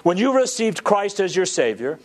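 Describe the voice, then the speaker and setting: A man's voice: high-pitched, sing-song, normal speed. A male pastor preaching a sermon, earnest and stretching key words for emphasis.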